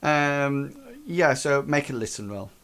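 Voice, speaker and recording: A man's voice: medium pitch, slow, fairly bright tone, a little hiss or hum. A man narrating a tabletop game as game master, hesitant, with many fillers. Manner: hesitant, lots of fillers and restarts.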